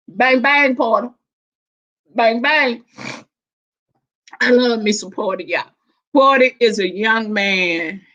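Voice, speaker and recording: A woman talks casually on a live stream, animated and quick to laugh, drawing out her words at an unhurried pace. Her voice sits a little high for a woman. The audio is dull and lo-fi. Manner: animated, laughing, Southern-inflected slang.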